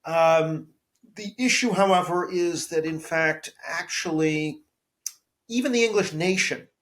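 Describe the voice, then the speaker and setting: Male professor guest with a slightly high voice; steady, reasoned explanation with frequent restarts. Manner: measured, analytical, repeats words while building an argument. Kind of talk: podcast interview.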